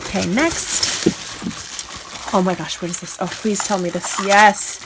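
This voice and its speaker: A woman's voice: fairly low pitch, expressive, normal speed, background noise. Gushing chatty woman unboxing crafts. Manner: gushing, chatty, lots of fillers. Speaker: craft channel host. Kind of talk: casual unboxing chat. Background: crinkling paper and clicks from handling mail.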